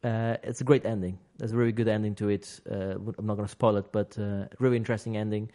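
A man's voice: lowish voice, fairly even intonation, fast, warm tone. Rambling male podcast host. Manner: rambling, restarts sentences often, laughs easily. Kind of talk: casual podcast chat about games.

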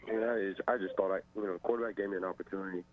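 Young football guy, deep raspy voice, modest answers w lots of you knows, phone line sound. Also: steady tone, a little hiss or hum. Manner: modest, measured, filler-heavy answers. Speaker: football player, wide receiver. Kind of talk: post-game press interview.

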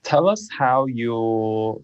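A man hosting a podcast, asking questions in an affirming, gently leading way. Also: mid-range voice, big pitch swings, very slow, smooth, no room sound, dull audio. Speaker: podcast host. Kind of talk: interview questions.

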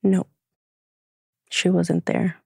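Low-voiced woman telling her story. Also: level tone, extremely slow, gravelly, dark tone. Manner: reflective, close to tears at times. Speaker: guest, younger sister. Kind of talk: emotional personal storytelling.

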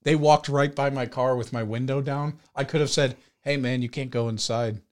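A man co-hosting a podcast, telling everyday stories in relaxed casual chat, often dropping soft and low. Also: normal speed. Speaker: podcast co-host.

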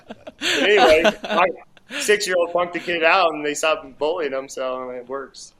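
A man in his thirties, a fighter and father, chatting in a relaxed, rambling way with many "you know"s and restarts. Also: mid-range voice, moderate pace, a crowd in the background, poor audio. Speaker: guest, MMA fighter. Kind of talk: casual interview chat.

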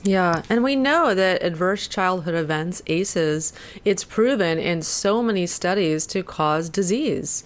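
A woman's voice: on the low side, lively intonation, takes it slowly, hardly any pauses. A woman hosting an interview, explaining research findings to her guest. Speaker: interview host. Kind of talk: interview conversation.

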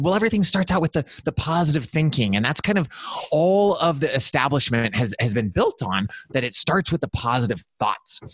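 A man's voice: mid-range voice, fairly bright tone, no echo. A man speaking as a guest on a podcast, enthusiastic and jokey in casual interview talk. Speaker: podcast guest, performance strategist.

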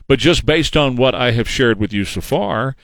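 Male talk radio host, mid-pitched, opinionated and mocking, dry studio mic. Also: lively intonation, normal speed, gravelly, a bit bright, dry recording. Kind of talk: political talk radio monologue.

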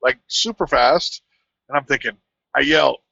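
A man, a truck driver, telling a rambling, animated anecdote in casual conversation. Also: mid-range voice, measured pace, gravelly, breathy edge, no room sound, dull audio. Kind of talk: casual storytelling.

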